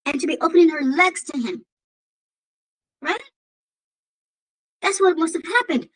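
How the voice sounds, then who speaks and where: A woman with an African accent speaks as host of a commentary vlog. Her voice sits high and she takes her time, leaning hard on her points and circling back over the same phrases. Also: lively intonation, a little slow, low-quality recording. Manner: emphatic, repeats phrases, exclaims.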